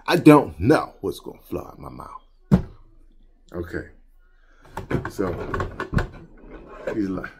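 A man chatting casually while showing off his toy collection at home, joking and slangy and quick to laugh. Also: deep voice, expressive, gravelly, very noisy. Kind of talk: casual unboxing chat. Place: home collection room with shelves.

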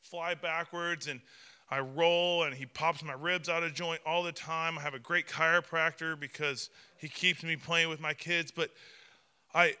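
A man in his thirties, a pastor preaching a sermon and telling family stories in an animated way with playful acted quotes. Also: fairly high pitch, a little slow, smooth, long reverb tail.

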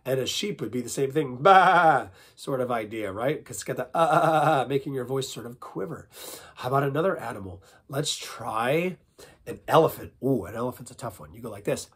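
Husky, lively male music teacher. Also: medium pitch, a little fast. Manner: upbeat, jokey, sings snippets. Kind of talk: playful vocal warm-up lesson.

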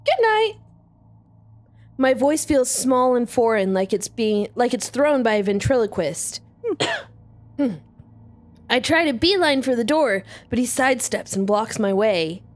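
A woman's voice: fairly high pitch, measured pace, dry recording. A woman co-hosting a let's play, reading a visual novel aloud with dramatic expression.

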